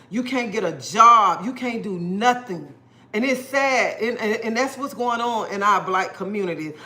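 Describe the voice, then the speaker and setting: A middle-aged woman with a slightly high, sharp voice hosts a casual livestream. She speaks earnestly and a bit preachily, repeating her points and greeting viewers by name.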